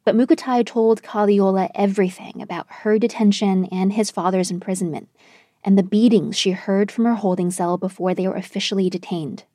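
Female radio correspondent, warm mellow tone, dry close studio sound, measured scripted read. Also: mid-range voice, no echo. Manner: measured, even reporting delivery. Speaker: news correspondent. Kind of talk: scripted news report.

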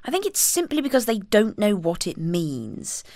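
A woman's voice: medium pitch, huge pitch swings, normal speed, a little mellow, no echo, studio quality. A woman, an author, talking in an exuberant, comic, emphatic way as a guest on a radio interview. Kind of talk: animated interview and book reading.

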